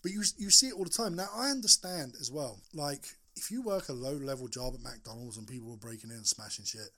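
A man's voice: mid-range voice, animated, quick pace, bright, forceful tone. A man co-hosting a podcast, talking bluntly and emphatically in casual chat, swearing often. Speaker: podcast co-host.

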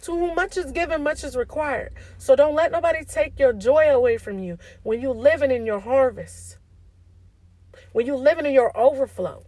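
A woman gives an informal devotional talk to her online community, speaking in a casual, preachy way and often asking "okay?" Her voice is high and mellow at a normal speed, captured in a low-quality recording without echo.

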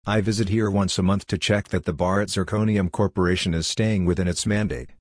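A man's voice: sits low, steady tone, a little fast, dry recording, clean studio sound. A man voicing a thin, short male justice with a European accent, talkative and matter-of-fact. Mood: friendly.

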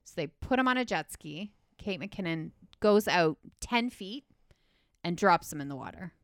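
A woman's voice: on the low side, animated, normal speed, dry recording, clean studio sound. A woman recapping a movie in casual chat, rambling and full of filler words.

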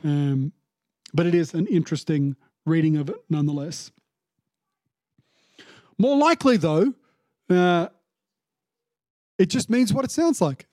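A man's voice: a little high, unhurried, pauses often, dark tone, no echo. A man giving a casual, conversational sermon, chatty with many fillers and restarts, now and then acting out lines in a mock-indignant tone. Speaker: preacher.

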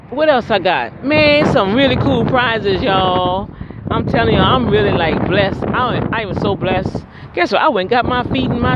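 A man working in retail, telling a story to his viewers in a chatty vlog, exclaiming often and calling out to his audience. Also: high voice. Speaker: retail store worker. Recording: muffled, loud wind noise.

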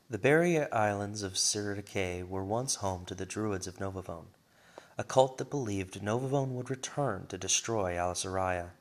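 A man reading his own story aloud in a relaxed, chatty and expressive way. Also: on the low side.

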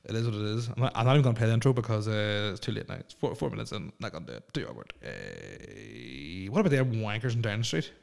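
A man's voice: fairly low pitch, sing-song, quick pace, gravelly. A young man chats casually on a solo podcast, recorded alone in a house. He rambles, stammers and restarts his sentences, leaning on fillers as he goes. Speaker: podcast host.

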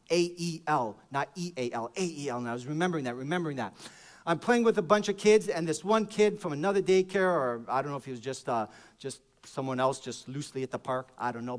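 A male pastor preaching a sermon, swinging between shouted praise and hushed, joking storytelling. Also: on the high side.

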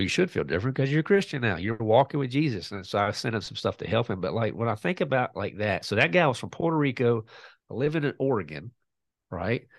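A man's voice: mid-range voice, no echo. A man, a podcast guest casually telling a story and acting out both sides of a conversation.

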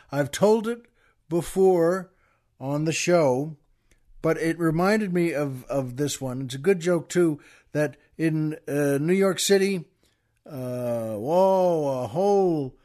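A man's voice: fairly high pitch, lively intonation, a little slow, darkish tone. A man hosting a podcast, casually telling a joke as a rambling storyteller with many restarts. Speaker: podcast host.

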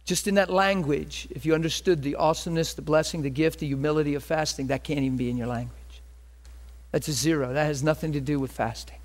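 A man preaching a sermon, animated, with quick asides and rhetorical questions. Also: a little high. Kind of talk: sermon with storytelling.

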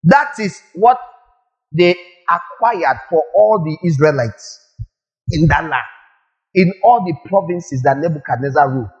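A male preacher giving a lively sermon, firing rhetorical questions at the congregation and acting out little scenes. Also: fairly high pitch, unhurried, lo-fi sound.

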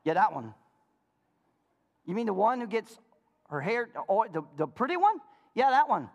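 A man preaching a sermon as pastor, swinging between shouted highs and hushed lows, with playful jokes to the congregation. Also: moderate pace, in a large hall, dull audio. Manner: animated preaching, swinging from high shouts to low murmurs; playful, joking asides to the congregation.

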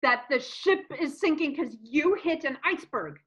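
An actress playing a greedy, entitled young newlywed with profane, theatrical outbursts in a comedic audio drama. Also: female voice, high-pitched, animated, moderate pace, a bit bright, muffled recording. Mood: outraged.

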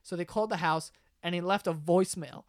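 A man's voice: high-pitched, fast, no echo, clean studio sound. Young man telling stories, laughing. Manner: animated, laughing, swears freely, acts out other people's lines. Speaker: podcast host. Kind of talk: casual storytelling among friends.

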